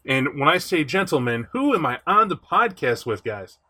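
A man hosting a podcast in casual chat, animated and chatty, reading aloud from a rulebook. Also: fairly high pitch, moderate pace. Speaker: podcast host.

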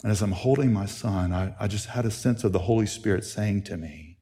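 A man preaching a sermon as pastor, telling a family story, his voice climbing in excited stretches and falling to soft, near-whispered ones. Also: on the low side, fairly quick. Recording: long hall reverb.

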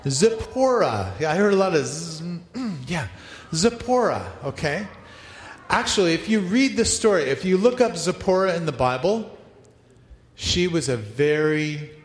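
A male pastor leading an interactive Bible story for his church, upbeat and playful as he directs the congregation. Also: a little high. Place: large church hall. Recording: echoey hall, long reverb.

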